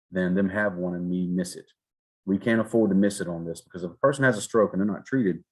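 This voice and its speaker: A man from South Georgia, lecturing an EMT class in a folksy, animated way. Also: on the low side, husky. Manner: folksy, animated, acts out patient exchanges. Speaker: EMS instructor.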